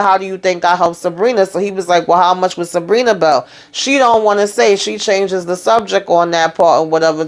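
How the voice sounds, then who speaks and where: A woman hosting a casual TV recap, chatting loosely through the scenes and acting out the characters' lines as she retells them. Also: on the low side. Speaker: TV show recap host.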